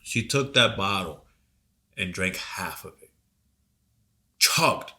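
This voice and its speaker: A man co-hosting a podcast, telling a long story in a rambling, profane, animated way while coming down with a cold. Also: low-pitched, slow. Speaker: podcast co-host. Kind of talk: casual storytelling chat.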